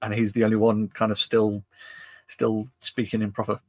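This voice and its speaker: A man's voice: lowish voice, monotone, moderate pace, no echo. A man hosting a podcast in casual chat, rambling and often restarting his phrases. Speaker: podcast host.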